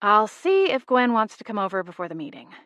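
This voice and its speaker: A woman's voice: mid-range voice, very animated, fairly quick, fairly bright tone, dry recording, clean studio sound. A woman doing an exasperated young heroine. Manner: firm, scolding. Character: exasperated young woman florist, sharp-tongued.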